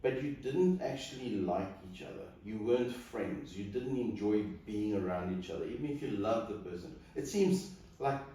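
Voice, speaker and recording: A man's voice: fairly low pitch, animated, moderate pace, few pauses, mellow. A man serving as wedding celebrant, giving an earnest, coaching talk directly to a couple before their wedding. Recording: echoey room, distant mic, faint noise.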